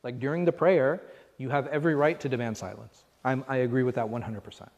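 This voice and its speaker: In a reverberant mosque class hall, an imam with a mid-range, slightly mellow voice talks fast with fairly even intonation. He leads a conversational religious lesson full of rhetorical questions to those present, and the audio is muffled.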